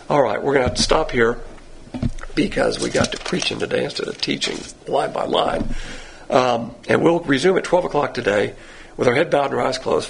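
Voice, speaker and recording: A man with a Southern accent, a pastor teaching a Bible class in a blunt, self-deprecating, folksy way, his voice hoarse at times. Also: medium pitch, animated, fairly quick. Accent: Southern American. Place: church classroom.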